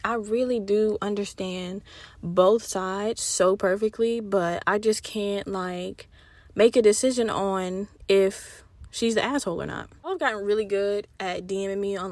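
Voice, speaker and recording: A young woman hosting a solo podcast, talking in a candid, profane, animated way. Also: medium pitch, no room sound. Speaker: podcast host.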